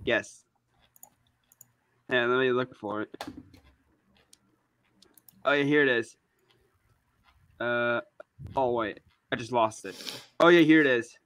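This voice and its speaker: A man chatting casually with friends in a group voice chat, quick to react and joke. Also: mid-range voice, fairly bright tone, clear, resonant tone.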